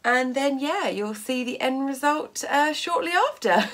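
A woman with a fairly high voice that swoops up and down, talking through a casual sewing vlog. She speaks slowly and unhurriedly, yet gushes with excitement and laughs often. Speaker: sewing vlogger.

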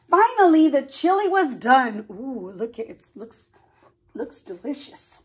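Reading a storybook to young children, this preschool teacher uses a high, sing-song voice and goes slowly. She pauses frequently to question the kids and slips in warm, lilting asides.

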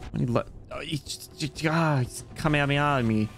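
Excitable man streaming a game. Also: a little high, brisk, soft background music. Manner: excitable, exclamatory reactions, chats to viewers. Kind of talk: live gameplay commentary.

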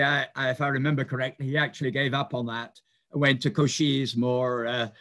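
An older man giving a reminiscing lecture, speaking in a measured, explanatory way with some hesitant fillers. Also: medium pitch, bright, forceful tone. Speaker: mathematician giving a talk.

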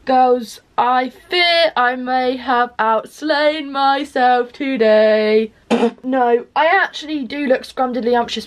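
A woman's voice: a little high, a little mellow. A young woman in her twenties from England, vlogging in a rambling, chatty way and swearing casually. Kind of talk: casual chat to camera. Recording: faint background noise.

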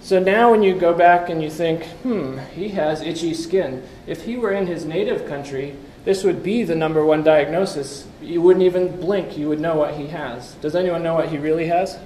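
A man with a somewhat high, slightly mellow voice lectures with slides at a moderate pace and few pauses. He chats with the conference audience, asks them questions, and adds wry quips, all in an echoey room with faint ambience and slight background noise.

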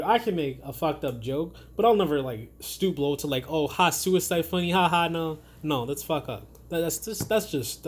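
Blunt, profane young-sounding man ranting. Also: a little high. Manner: blunt, profane, rambling with restarts. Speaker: vlogger. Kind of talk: casual rant to camera.

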